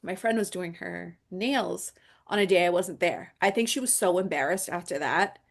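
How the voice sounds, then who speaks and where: A woman's voice: fairly low pitch, moderate pace, gravelly. A young woman co-hosting a podcast, telling a salon story in casual chat with playful meowing and quoted voices. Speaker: podcast co-host.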